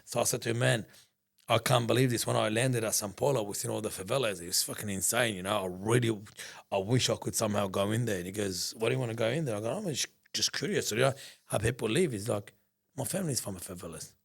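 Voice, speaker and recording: A man telling a story in a casual interview, rambling and animated, acting out conversations and swearing freely. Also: fairly low pitch, quick pace, vocal fry. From Australia. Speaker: business founder, guest.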